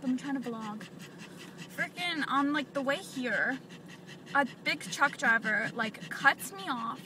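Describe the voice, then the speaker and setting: A young woman vlogging as she drives, chatting and venting with lots of filler words. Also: sits high. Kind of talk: casual vlog while driving. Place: inside a car. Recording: distant mic with road noise.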